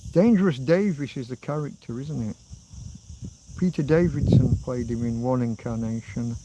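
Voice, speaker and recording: A man's voice: medium pitch, warm tone, a little hiss or hum, poor audio. A middle-aged man hosting a rambling livestream, reading out viewer comments and answering them as he goes. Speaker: livestream host. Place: outdoors in a rural spot.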